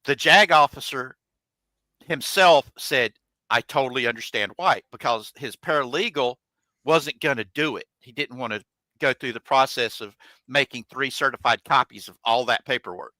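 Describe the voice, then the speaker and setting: Speaking at a moderate pace in a sharp, mid-range voice, this podcast host spins a long personal tale over a casual live chat. He talks plainly, curses freely and plays out what others said. There's no echo, though the recording quality is rough.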